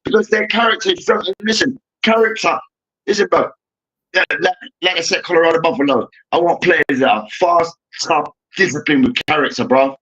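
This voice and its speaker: A young man rants through a heated sports debate, swearing and calling out "hear me now" again and again. His voice sits high and sounds bright and sharp. The recording is dull and lo-fi. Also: fairly quick. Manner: ranting, profane, repeats "hear me now". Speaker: debate show host.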